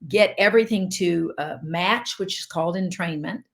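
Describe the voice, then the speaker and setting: A woman's voice: fairly low pitch, normal speed, creaky. A woman doctor, a podcast guest, explaining health habits and acting out what people say to themselves. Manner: explanatory, acts out quoted thoughts. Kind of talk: podcast interview.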